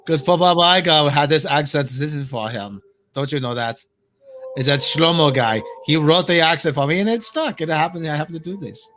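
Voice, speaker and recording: Comic bit: a man playing a scheming rich mogul, German accent, smug, pitched a little high. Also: wildly swooping pitch, a bit bright, heavily acted. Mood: pompous. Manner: smug, chuckling, drawn-out delivery. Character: pompous scheming rich male media mogul. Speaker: co-host.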